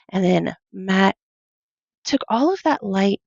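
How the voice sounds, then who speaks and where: A woman guest telling a personal story in a casual, animated way, acting out what others said and filling her sentences with fillers. Her voice sits in a middle range, and the recording is dry and slightly dull. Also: medium pitch, takes it slowly, creaky, no room sound.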